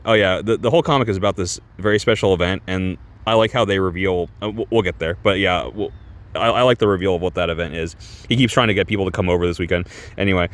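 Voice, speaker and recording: A man chatting his way through a comic book review in a loose, rambling manner, swearing casually and laughing often. His voice sits low, and he stops to correct himself as he talks. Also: fast.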